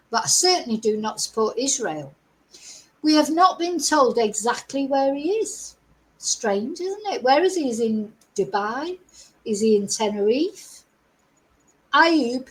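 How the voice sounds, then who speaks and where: High-voiced woman, slow-spoken. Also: low-quality recording. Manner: opinionated, asks the audience lots of rhetorical questions. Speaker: true crime channel host. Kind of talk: livestream commentary to viewers.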